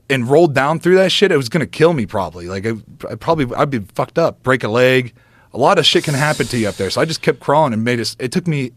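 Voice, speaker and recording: A man on a podcast telling a long hunting story in a casual, animated way, swearing often and laughing between lines. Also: medium pitch, no echo. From United States. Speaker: podcast guest, former football player.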